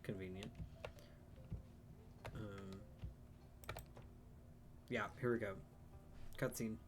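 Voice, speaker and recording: A man's voice: fairly low pitch, fairly even intonation, very slow, heavy background noise. A man streaming a farming game, chatting casually and self-deprecatingly about his plans as he plays. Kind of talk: casual let's-play commentary.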